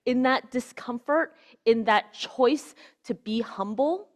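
A woman's voice: a little high, slow. Woman preaching in a casual, chatty way. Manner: casual, keeps asking "right?", drops to a hushed voice on key words. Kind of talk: conversational sermon.

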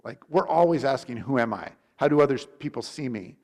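A man's voice: mid-range voice, expressive, a little fast, darkish tone. A man preaching in a loose, conversational sermon, with frequent restarts, many uses of "like", and quoted questions acted out in changing voices. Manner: casual, rambling, many restarts and "like".

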